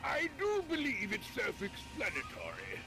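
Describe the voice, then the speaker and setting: Fussy shopkeeper with a fake British accent, very high and swooping, game music behind. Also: male voice, huge pitch swings, moderate pace, full character voice. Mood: salesy. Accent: put-on British. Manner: theatrical, fussy exclamations. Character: excitable male shopkeeper with fake British airs.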